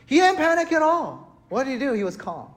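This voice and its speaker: A male pastor preaching a sermon in a church, telling a story with animated, acted-out panic. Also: extremely high pitch, a little fast. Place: church hall.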